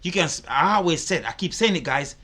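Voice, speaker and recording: A man's voice: fairly high pitch, animated, a little fast, pushed and bright. A man giving indignant, profane reaction commentary. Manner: indignant, profane, repetitive ranting. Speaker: reaction video host.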